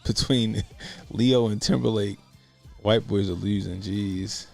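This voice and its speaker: Gravelly man ranting on a livestream. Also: fairly low pitch, slow pace, faint music behind. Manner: laughs often, rambling and profane. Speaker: livestream commentary host. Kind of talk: casual profane livestream commentary.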